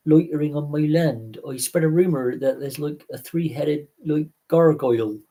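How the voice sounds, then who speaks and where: A man voicing a grumpy rural landowner with a put-on West Country English accent, gruff about kids on his land. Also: on the high side, normal speed, mellow, voice pushed up, lightly acted. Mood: grumbling.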